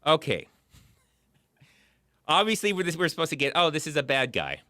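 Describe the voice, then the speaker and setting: A man co-hosting a casual chat about movies, rambling and animated, with lots of fillers. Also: on the high side, moderate pace, background noise. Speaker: podcast co-host.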